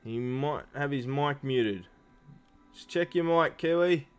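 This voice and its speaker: A man's voice: medium pitch, slow, clear, resonant tone, faint music behind. Chatty man hosting a race stream. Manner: loose and rambling, lots of fillers and restarts. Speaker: stream host. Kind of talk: post-race interviews on a live stream.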